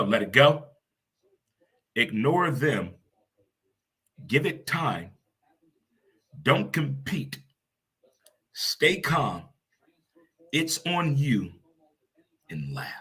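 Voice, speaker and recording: A middle-aged man hosting a casual talk show, animated and quick to laugh, swearing casually. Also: lowish voice, husky. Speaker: show host.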